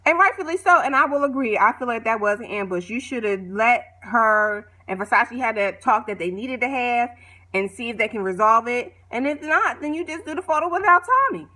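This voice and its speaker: A woman vlogger casually recapping a reality show, animated, opinionated and full of slang. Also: fairly high pitch, normal speed.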